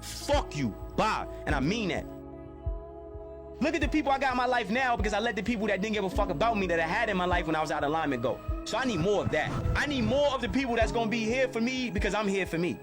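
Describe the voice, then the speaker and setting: Blunt, high-voiced man over music. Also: expressive, quick pace. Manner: emphatic, blunt and profane, repeating phrases. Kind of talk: motivational monologue.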